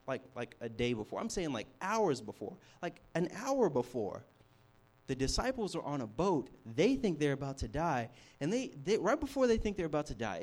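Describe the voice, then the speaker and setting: A young man preaching a sermon, telling a story with animated shifts from hushed to loud. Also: on the high side. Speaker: campus ministry preacher.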